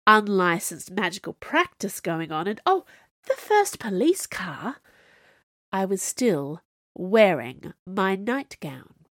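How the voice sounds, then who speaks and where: A woman's voice: mid-range voice, dry recording, clean studio sound. A woman reading an audiobook in a wry, conversational narrating voice. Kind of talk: scripted narration.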